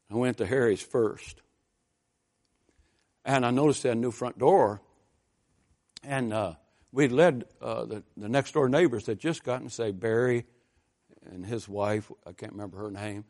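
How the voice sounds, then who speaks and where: A man preaching a sermon, telling folksy stories in a conversational way and building to loud, fervent exhortation. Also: mid-range voice.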